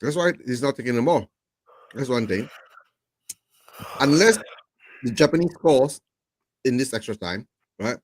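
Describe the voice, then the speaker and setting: A man chatting casually over a video call while watching football, relaxed and quick to laugh. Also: medium pitch. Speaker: guest co-watcher.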